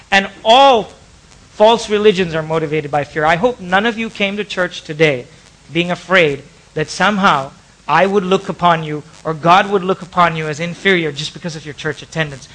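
A male pastor delivers a sermon to his church. His voice sits high and sounds bright and forceful. He stretches key words for emphasis, swells with passion and then falls to soft, confiding asides. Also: poor audio. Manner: impassioned, drawn-out emphatic words, sudden drops to soft asides.

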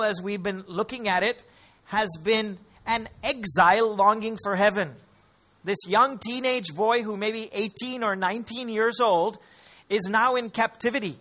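A man with a notably high voice delivers a sermon from the pulpit. He speaks directly to his congregation and breaks up the teaching with light, teasing asides. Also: fairly bright tone. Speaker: pastor.

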